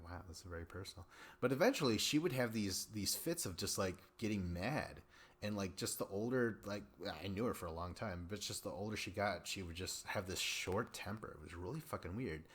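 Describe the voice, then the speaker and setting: A young man talking through a solo podcast recap in a loose, rambling way, swearing freely and filling pauses. His voice sits a little low. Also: fairly bright tone, husky. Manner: rambling, profane, chatty with many fillers. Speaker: podcast host. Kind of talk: casual solo recap chat.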